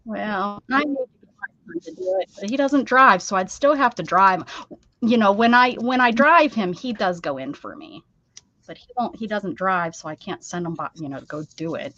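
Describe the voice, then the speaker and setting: A woman's voice: mid-range voice, lively intonation, moderate pace, sharp tone, dull audio. An American woman hosting a craft livestream, chatting casually and teasing while she works, with frequent laughs.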